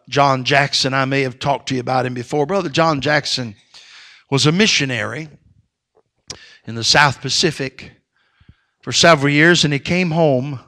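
A Baptist preacher delivering an impassioned sermon, swinging between near-shouted exhortation and hushed storytelling. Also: male voice, mid-range voice.

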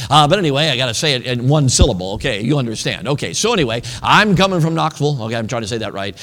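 A male preacher telling a story in a sermon, talking casually and often checking in with his audience. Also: medium pitch. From northern United States. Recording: long reverb of a large hall.

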